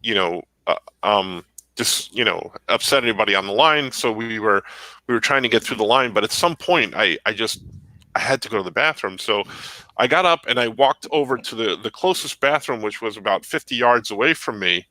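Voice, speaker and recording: A man's voice: lowish voice, animated, a little fast, pushed and bright, dry recording, poor audio. A man co-hosting a podcast, telling a long rambling story in casual chat. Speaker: podcast co-host.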